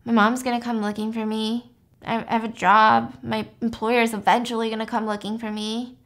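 A scheming young woman locked in a psychiatric ward, put on by a podcast host retelling a film. She talks her captor round in a persuasive, matter-of-fact way. The voice sits a little high, and the tone stays casual, like an anecdote. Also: little pitch movement, normal speed, a bit bright. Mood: persuading. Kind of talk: casual recap with quoted lines.

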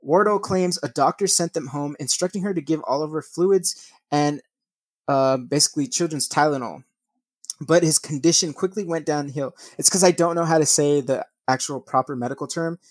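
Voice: medium pitch, moderate pace, dry recording. A young adult podcast host casually reading news stories aloud, swearing often, laughing and tripping over words.

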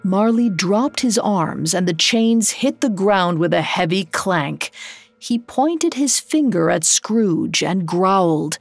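A woman narrating a scripted story in a measured storytelling manner. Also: medium pitch, lively intonation, creaky, dry recording. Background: faint music.

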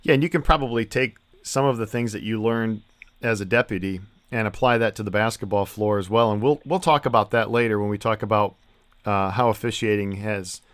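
A man's voice: on the low side, brisk, clean tone, no echo. A man hosting a referee podcast, asking a guest questions in a friendly, teasing way. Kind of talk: podcast interview.

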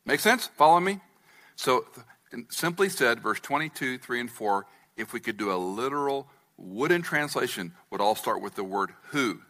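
A man's voice: mid-range voice, lively intonation, normal speed, sharp tone. A man preaching an expository sermon as pastor, walking the congregation through a scripture passage and checking that they follow. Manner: teaching, asks the congregation to follow along.

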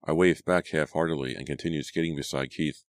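An audiobook narrator with an extremely low voice reads a story aloud in a steady manner, a little fast. The recording is dry and close, with no room sound or echo.

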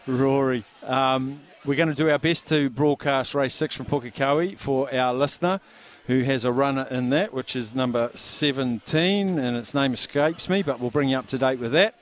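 A man with a New Zealand accent hosting a live radio show, brisk and jokey as he reads out listener texts. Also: mid-range voice. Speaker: radio host.

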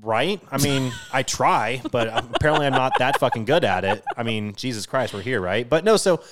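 A man's voice: mid-range voice, animated, normal speed, noisy background. Swearing, ranting man in his thirties. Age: 30s. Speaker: podcast co-host. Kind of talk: casual chat.

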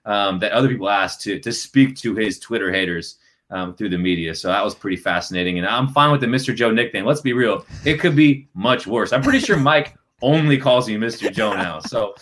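A male sports reporter telling a story in casual podcast chat, acting out the quotes of others with a lively delivery. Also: fairly low pitch, brisk. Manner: animated, acts out quotes in shifting voices.

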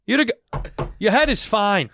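A man's voice: high-pitched, expressive, measured pace, sharp tone, slight background noise. A man co-hosting a casual podcast, joking, swearing and laughing as he reads articles aloud. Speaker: podcast co-host.

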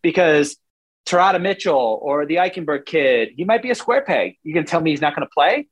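A man's voice: on the high side, lively intonation, a little fast, highs cut off. A man in his forties, a former player now analyzing football in casual talk, rambling animatedly and acting out what coaches would say.

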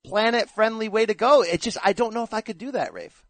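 A man's voice: high voice, a little fast, no room sound. A man hosting a casual boxing chat show, joking and bantering with his co-host. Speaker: podcast host.

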